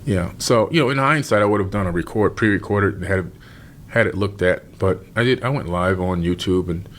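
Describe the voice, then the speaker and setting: A man with a fairly low voice talks regretfully and softly in a casual conversation. A faint rumble sits behind him. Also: a little fast. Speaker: guest in a conversation.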